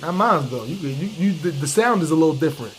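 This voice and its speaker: A man's voice: fairly high pitch, expressive, fast talker, a little hiss or hum. A man hosting a podcast, delivering a comedic, preachy street-talk rant full of profane slang and aimed straight at his listeners. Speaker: podcast host.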